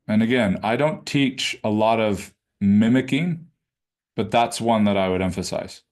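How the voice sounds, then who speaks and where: A man coaching a live online class, talking conversationally and demonstrating how to ask questions in a low throaty voice. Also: a little slow, a little mellow. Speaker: business coach. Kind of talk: live webinar teaching. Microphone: video call.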